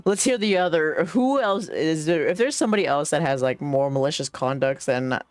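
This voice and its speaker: A woman's voice: low voice, animated, normal speed, no room sound, faint music behind. A woman streaming a game, chatty and giggly, reading the dialogue aloud as she plays, with hiccups. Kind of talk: casual game stream commentary.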